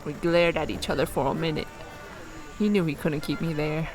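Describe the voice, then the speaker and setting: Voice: mid-range voice, fairly even intonation, normal speed, music in the background. A streamer reading a western story game aloud, with playful asides.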